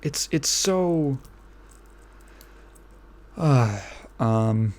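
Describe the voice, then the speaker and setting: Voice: mid-range voice, expressive, drawn-out words, a little mellow. A podcast host ranting in casual commentary, exasperated and profane, often restarting and trailing off mid-phrase.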